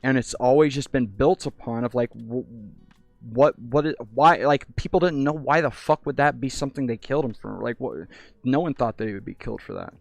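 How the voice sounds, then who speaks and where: A young man rambles through a loose VR hangout chat, tripping over restarts and dropping swears as he goes. His voice sits at a middling pitch with a dry, close headset sound. Faint music plays behind him. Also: brisk, gravelly, dry recording. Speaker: VR streamer. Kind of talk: casual chat. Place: virtual reality hangout. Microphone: VR headset mic.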